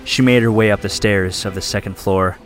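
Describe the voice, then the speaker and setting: A man's voice: on the low side, fairly even intonation, a little fast, soft background music. A man running a tabletop game as game master, narrating the scene in vivid detail. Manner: vivid descriptive storytelling.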